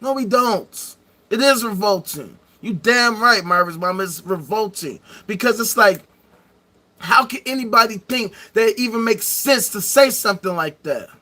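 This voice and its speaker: Brief: male live-stream host, high bright voice, profane mocking rant with bursts of shouting. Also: expressive, moderate pace. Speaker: streamer hosting a live debate show.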